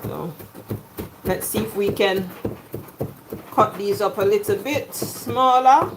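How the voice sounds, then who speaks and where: A middle-aged Jamaican woman chatting through a home cooking video in her kitchen, jokey and quick to laugh. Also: medium pitch, background noise. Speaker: cooking vlogger. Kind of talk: casual cooking chat.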